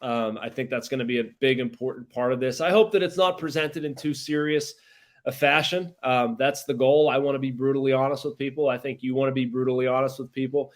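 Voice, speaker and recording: A man from Pittsburgh co-hosting a casual podcast as a baseball journalist, talking in an animated, rambling way with frequent restarts. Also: mid-range voice, brisk.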